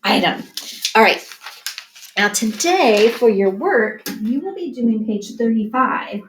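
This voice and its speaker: A woman teacher giving a phonics lesson to young children, sounding out each word slowly and clearly. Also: on the high side, animated, a little hiss or hum, poor audio. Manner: slow, clear, sounds out words. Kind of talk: early reading phonics lesson.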